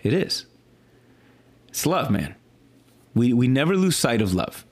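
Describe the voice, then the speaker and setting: A man, a pastor, talking through his sermon in a casual, animated way, often restarting and stuttering, swinging between high exclaims and low earnest lines. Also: measured pace, slightly rough. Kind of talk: casual sermon follow-up talk.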